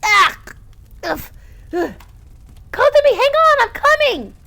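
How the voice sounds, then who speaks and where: A woman's voice: very high voice, sing-song, slow, pitched above the performer's own voice, full character voice. Woman playing a frantic girl in a fire. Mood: desperate. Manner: desperate shouting. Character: panicked young woman searching a burning house.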